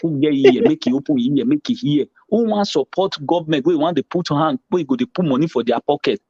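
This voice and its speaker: Nigerian man, exclamatory panelist, high-ish lively voice, dry muffled sound. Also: fairly quick, breathy edge, dry recording. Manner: emphatic, exclamatory, preachy. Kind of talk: animated pidgin commentary.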